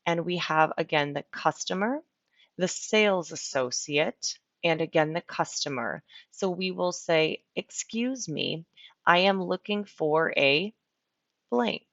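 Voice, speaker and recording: A woman teaches vocabulary at an unhurried pace, repeating each word with patient care. Her fairly low voice has a gravelly edge. The recording is dry and slightly muffled. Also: fairly bright tone, no room sound. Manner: patient, repeats words slowly. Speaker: ESL teacher. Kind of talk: slow, clear vocabulary lesson. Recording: dull lo-fi sound.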